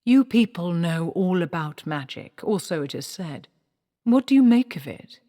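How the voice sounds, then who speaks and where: A hearty, theatrical male actor-manager, as a woman reader puts him on calls out loud and cheerful. The voice sits low for a woman yet rings out boldly. A long hall echo hangs behind it. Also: lively intonation, unhurried. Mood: probing.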